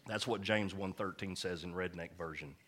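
A man's voice: low voice, moderate pace, fairly bright tone. A man preaching a sermon as pastor, emphatic and folksy, mixing jokes with insistent points.

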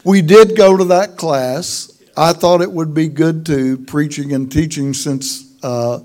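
A man's voice: fairly high pitch, slow pace, a little mellow. A middle-aged man with a Texan accent, a pastor telling folksy, self-deprecating stories in a humorous sermon. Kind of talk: sermon storytelling.

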